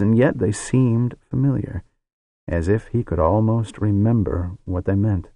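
A man reading a fantasy novel aloud in a slow, deliberate narration. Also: on the low side, vocal fry, a little mellow, no room sound. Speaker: audiobook narrator.

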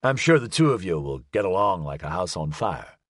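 Man reading wry detective, dry sardonic, lively pitch, dry close audiobook. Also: brisk, no room sound. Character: wry unflappable male private detective.

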